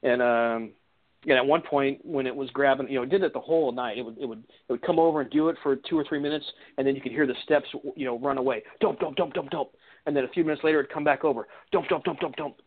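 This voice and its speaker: A man's voice: mid-range voice, fairly even intonation, racing. A man recounting an encounter as a guest on a radio interview, rambling with many restarts and "you know"s. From Washington state. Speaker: eyewitness guest. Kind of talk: casual storytelling interview. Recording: tinny phone line.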